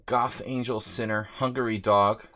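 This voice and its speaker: A man's voice: on the low side, steady tone, moderate pace, pushed and bright. A man hosting a live chess stream, chatting casually and rambling as he reads out viewer names.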